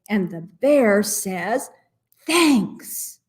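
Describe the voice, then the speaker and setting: Reading a rhyming picture book to a library storytime crowd, this woman keeps a mid-range voice and a slow pace. Her delivery is playful and expressive, with remarks on the pages along the way.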